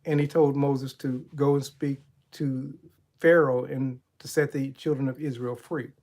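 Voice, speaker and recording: A middle-aged man gives a spiritual motivational talk, his voice pitched a little high but warm and mellow. He speaks like a preacher, retelling Bible stories and posing rhetorical questions to the listener. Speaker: motivational coach and channel host.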